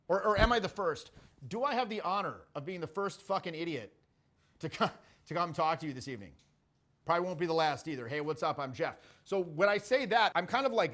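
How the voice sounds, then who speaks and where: A man's voice: on the high side, a bit bright. A middle-aged man coaching social skills in a brash, profane way, acting out sample lines as he goes. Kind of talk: casual coaching talk.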